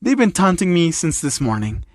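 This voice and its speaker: Man doing a playful teasing teen girl, slightly high, dry sound. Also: sing-song, moderate pace, dry recording.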